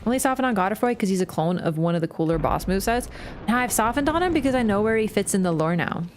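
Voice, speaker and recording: A woman's voice: mid-range voice, animated, fast talker, slight background noise. A woman streaming a game live, chatting casually, swearing freely and often bursting into laughter. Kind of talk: casual live-stream commentary while playing.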